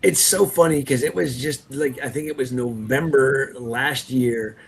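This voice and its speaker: Gravelly laid-back man. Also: mid-range voice, a little slow. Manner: laid-back, blunt, swears freely. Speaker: guest. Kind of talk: casual chat.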